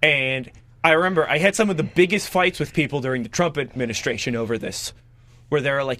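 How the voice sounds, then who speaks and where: A young man from Washington, D.C., co-hosting a casual political chat, talking quickly with lots of "like" fillers. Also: mid-range voice, no room sound. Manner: quick, animated, full of "like" fillers. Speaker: podcast co-host.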